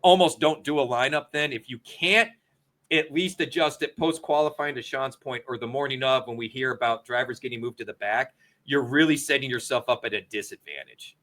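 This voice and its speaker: Bright-voiced chatty man. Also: medium pitch, brisk. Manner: chatty and excitable, laughs often. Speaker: podcast co-host. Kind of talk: casual sports betting chat.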